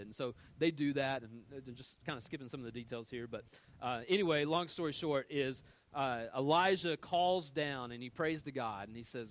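A man preaching a sermon, retelling a Bible story with lively quoted dialogue and loose, conversational fillers. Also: mid-range voice, brisk. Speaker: pastor.

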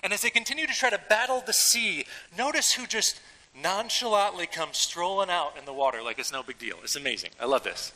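Bright-voiced pastor preaching in a hall. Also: male voice, sits high, fairly quick. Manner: conversational, animated preaching with casual slang. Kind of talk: sermon. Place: church.

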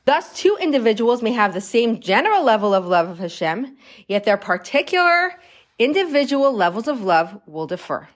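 A woman's voice: on the high side, big pitch swings, moderate pace. A woman teaching a religious Torah class, explaining texts and telling little stories with acted voices and laughs.

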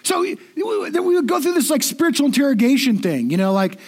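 High-voiced man preaching casually. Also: huge pitch swings, fast, few pauses, a little mellow. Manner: conversational and self-deprecating, with frequent repetitions. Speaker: pastor. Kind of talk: sermon.

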